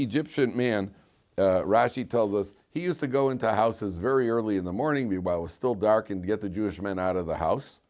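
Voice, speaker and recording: A man with a somewhat low voice gives a lively Torah lecture, spinning a story for his students. He slips into hushed asides and then breaks out in loud bursts, and he teases the people in the room. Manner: teasing, jokes with students. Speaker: rabbi teaching a class.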